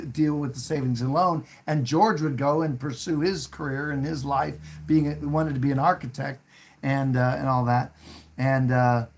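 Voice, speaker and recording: A man hosting a casual talk, retelling a film scene in a rambling way with many fillers and restarts, and acting out quoted lines in a raised voice. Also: medium pitch. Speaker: host.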